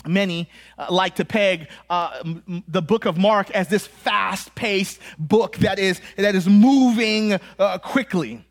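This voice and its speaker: A man with an American accent preaching a sermon, animated and conversational, with joking asides and acted-out quotes. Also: high voice, slow.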